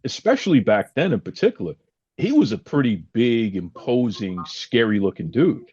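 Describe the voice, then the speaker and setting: A man's voice: mid-range voice, big pitch swings, moderate pace, darkish tone, breathy edge, lo-fi sound. A man hosting a podcast and reflecting on a guest's story in a casual way. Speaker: podcast host.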